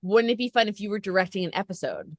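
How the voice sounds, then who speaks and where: A woman's voice: mid-range voice, expressive, quick pace, dry recording. Chatty woman interviewer, dry sound. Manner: chatty, rambling, lots of fillers. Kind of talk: casual interview chat. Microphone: video call.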